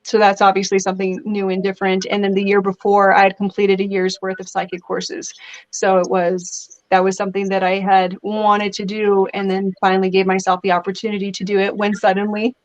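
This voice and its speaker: A woman speaks as an interview guest, chatty and expressive as she tells stories at length. Her voice sits in a middle range. The audio is slightly dull and muffled. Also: medium pitch, a little fast. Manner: chatty, animated storytelling with laughs. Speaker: guest actress. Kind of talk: casual interview chat.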